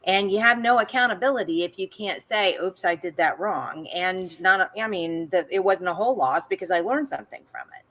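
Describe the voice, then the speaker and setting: A woman's voice: mid-range voice, fairly quick, hardly any pauses, a bit bright. A woman hosting an interview show, talking eagerly and chattily and laughing easily. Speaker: podcast host. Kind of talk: casual interview chat.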